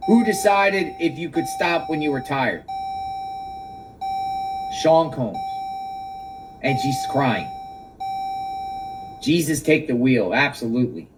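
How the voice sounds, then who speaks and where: A man delivers live reaction commentary outdoors, slowly and emphatically, repeating every point for effect. His voice sits a little high. The mic is some way off, and faint outdoor noise and passing vehicles sit behind him. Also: expressive, recorded from a distance.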